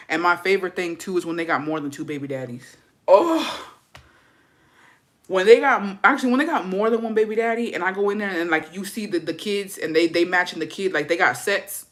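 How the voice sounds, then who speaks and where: A woman vlogger telling a story in casual chat, profane, gossipy and animated. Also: fairly low pitch.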